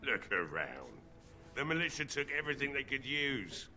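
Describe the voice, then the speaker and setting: A man voicing a gruff, bitter old village blacksmith who is drunk, with a weary drinker's drawl, in a video game. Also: mid-range voice, big pitch swings, moderate pace, pushed and bright, soft background music. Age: older.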